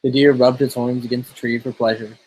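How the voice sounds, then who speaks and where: A man casually reading a fairy tale aloud in a relaxed, steady way. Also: medium pitch, a little fast, slight background noise, rough recording. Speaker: storyteller.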